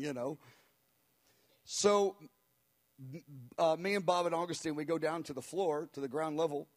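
A middle-aged male preacher tells a story from the pulpit, acting out what people said. His voice sits high. He speaks in an animated way. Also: normal speed. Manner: animated, acts out quotes. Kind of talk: sermon storytelling.

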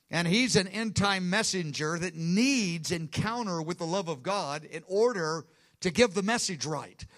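A man's voice: sits high, fairly bright tone. A man preaching a sermon with earnest emphasis, often restarting phrases and acting out quotes. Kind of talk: sermon teaching.

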